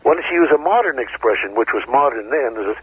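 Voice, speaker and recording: A man's voice: medium pitch, animated, fast, breathy edge, no echo, dull audio. A male voice actor telling anecdotes as a radio guest, stammering and laughing at his own jokes. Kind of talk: anecdotal interview answers.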